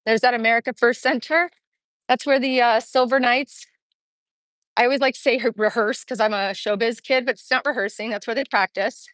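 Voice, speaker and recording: Her voice on the high side, steady and fairly bright, a middle-aged woman chats fairly quickly during a walking livestream on an outdoor town street. The phone she holds gives a rough recording with no room sound. She is upbeat, chatty and breathless.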